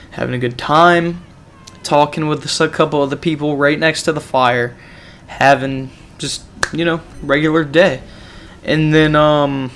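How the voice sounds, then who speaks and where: A man's voice: on the high side, fairly bright tone, a little hiss or hum. A man from a gaming channel telling a story casually, rambling with lots of "you know" and "like".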